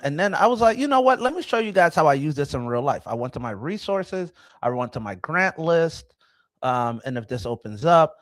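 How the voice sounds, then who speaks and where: A man in his thirties hosting a casual commentary vlog, talking in an excitable, rambling way with frequent restarts. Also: medium pitch, no echo. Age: 30s. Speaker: host.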